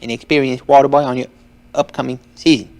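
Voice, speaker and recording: Bobby Boucher, a man playing a stuttering, gravelly young water boy. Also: mid-range voice, steady tone, fast, darkish tone, natural voice. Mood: earnest.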